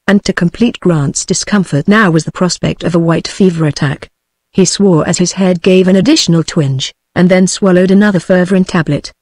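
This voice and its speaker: A synthetic British female text-to-speech voice narrating an audiobook in a flat, even reading. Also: on the low side, no room sound, studio quality. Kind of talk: scripted narration.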